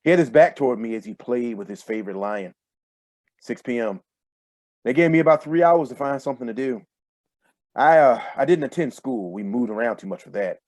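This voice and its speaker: A man reading his own first-person fiction aloud in a steady, measured way over a video call. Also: mid-range voice, dry recording. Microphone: computer mic on a video call.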